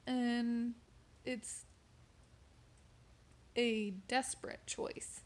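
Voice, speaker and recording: A young woman sharing a personal testimony in a vlog, in a fairly high voice. She talks in a candid, casual way and leans on conversational fillers. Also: little pitch movement, drawn-out words. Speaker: vlogger sharing a personal faith story.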